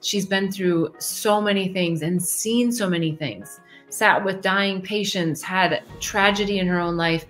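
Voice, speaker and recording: A woman hosting a live advice session, talking in a gentle, reflective way with sudden shifts in pace. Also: medium pitch, faint music behind. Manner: gentle, reflective, with quick shifts in pace and playful quoted voices. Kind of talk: casual live coaching talk.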